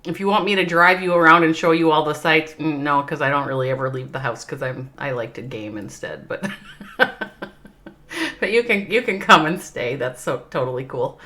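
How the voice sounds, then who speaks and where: Speaking fairly quickly in a low, bright, forceful voice, a woman with a Minnesota accent casts an esports game on a livestream. She keeps up a chat with viewers and laughs often.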